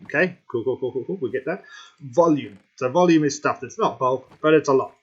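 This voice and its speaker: A man giving casual gameplay commentary, thinking aloud with many fillers and pauses while hiccuping. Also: mid-range voice, slightly rough, muffled recording.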